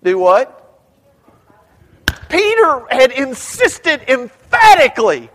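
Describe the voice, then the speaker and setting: High-voiced man preaching in a reverberant hall. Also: expressive, takes it slowly. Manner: conversational preaching with rhetorical questions and sudden rises to shouts. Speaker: pastor. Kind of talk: sermon.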